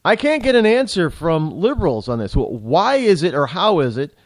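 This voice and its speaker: Lively-pitched indignant talk radio man. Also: normal speed, dry recording. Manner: rambling, restarts often, indignant rhetorical questions. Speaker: radio talk show host. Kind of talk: political talk radio monologue.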